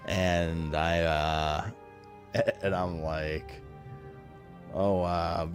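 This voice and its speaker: A man's voice: deep voice, little pitch movement, drawn-out words. A man streaming and chatting casually, rambling and swearing freely as he reads and answers his chat, with faint music behind him. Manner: rambling, profane, reading chat aloud.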